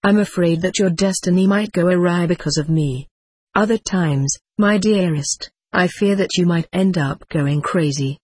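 A frail, devout widowed mother pleads softly and slowly with her child, as a woman narrator gives her voice. The tone sits lowish and breathy, close and dry with no room around it, gentle and earnest throughout. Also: dry recording. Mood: anxious. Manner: slow, tender, pleading. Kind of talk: audiobook character reading.

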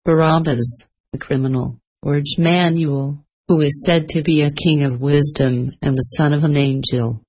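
A woman reading the lines of a stern male Roman governor in a measured, formal way. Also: low voice, steady tone, a little mellow, husky. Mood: questioning.

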